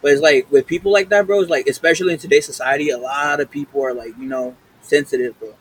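Fast-talking man, slangy podcast co-host. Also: on the high side, distant mic, rough recording. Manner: slangy, mixes in Spanish phrases. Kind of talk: casual chat. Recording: off-mic with faint background noise.

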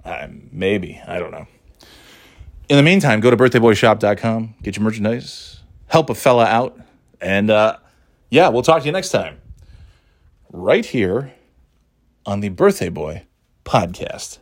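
On his own podcast, a middle-aged man delivers a casual, rambling monologue, full of swearing and self-directed laughter. His lowish voice is animated, his pace measured, and he pauses often.

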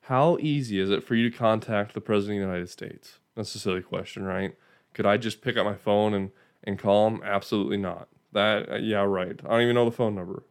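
A man's low, smooth voice moves briskly through an informal Bible teaching delivered like a conversation, with repeated "right?" check-ins and restarted phrases.

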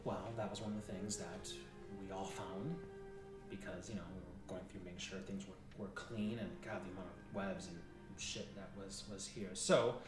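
A man's voice: low voice, fairly even intonation, moderate pace, distant mic. A man narrating a tabletop game as game master, rambling and often cutting himself off mid-phrase. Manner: rambling, self-interrupting. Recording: echoey room, off-mic, music bed.

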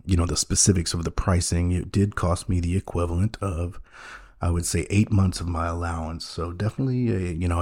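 A man hosting a podcast in a rambling, mock-earnest monologue, halting often with ums and restarts. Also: low voice, warm tone, husky. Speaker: podcast host.

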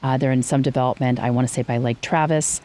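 A woman, a real estate agent, chatting as a guest on a radio talk show, animated and full of restarts. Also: fast, a little hiss or hum. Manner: animated, restarts often, lively rising pitch.

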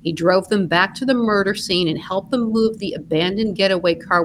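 A woman's voice: mid-range voice, moderate pace, few pauses, a little hiss or hum, rough recording. A woman co-hosting a podcast, narrating scripted true crime with dry, blunt asides. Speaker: podcast co-host.

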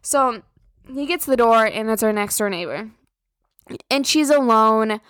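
A woman's voice: a little high, lively intonation, unhurried, fairly bright tone, clean tone, no echo. A young woman, hosting a podcast and venting casually, full of swearing and filler words. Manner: profane, rambling, filler-heavy. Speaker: podcast host.

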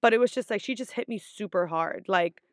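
A woman's voice: medium pitch, brisk, no echo, clean studio sound. A young adult woman vlogger telling a story in a casual, chatty way, full of swearing and "like" fillers.

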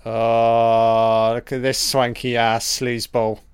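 A man's voice: medium pitch, completely flat delivery, slow pace, clean tone, no room sound. A man giving a casual, profane audio commentary over a film, joking and talking back at the characters.

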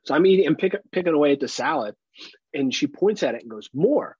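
A man's voice: fairly high pitch, lively intonation, quick pace, a little mellow, slightly rough, no echo. A man co-hosting a casual podcast, telling laid-back stories and swearing freely. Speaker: podcast co-host. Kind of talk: casual chat. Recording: dull lo-fi sound.

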